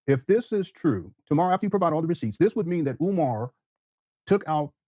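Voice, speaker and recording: A man's voice: on the high side, animated, a little fast, mellow, no room sound. A male show host explaining step by step to his viewers, careful and hesitant, with many fillers.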